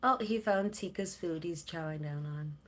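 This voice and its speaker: A middle-aged woman from Canada, chatting casually on a livestream and cooing softly to her cats. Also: on the low side, normal speed. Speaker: livestream host.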